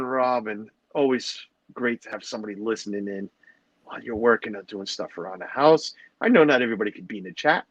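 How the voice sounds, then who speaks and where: A man's voice: mid-range voice, fairly bright tone, dry recording, highs cut off. A middle-aged man hosting a livestream, rambling and joking as he greets his chat. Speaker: livestream host. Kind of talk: casual chat with a live audience.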